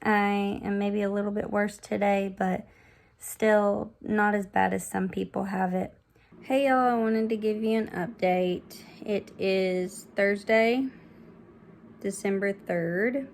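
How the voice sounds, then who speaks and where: A woman's voice: mid-range voice, steady tone, slow pace, creaky, darkish tone. A woman, vlogging casually and candidly to her viewers while short of breath. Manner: conversational, candid, chatty with fillers. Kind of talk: casual health vlog to camera.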